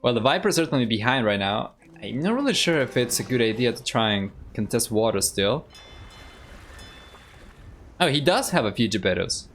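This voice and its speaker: A man's voice: mid-range voice, very animated, moderate pace, fairly bright tone, slight background noise. A man from Argentina with an Argentine accent, giving easygoing live commentary on a strategy game and chatting with viewers, with Spanish as his first language. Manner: easygoing, thinks aloud, chats with viewers. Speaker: game caster and streamer.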